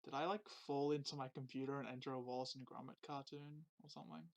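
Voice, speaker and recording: A man's voice: medium pitch, steady tone, fast, creaky, a crowd in the background. A man co-hosting a casual podcast, playful and teasing in his remarks. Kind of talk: casual chat.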